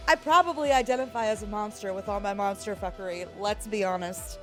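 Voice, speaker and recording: A woman streaming and chatting casually, rambling and reading chat aloud, her voice croaky and worn out. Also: mid-range voice, fairly quick. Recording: faint music underneath.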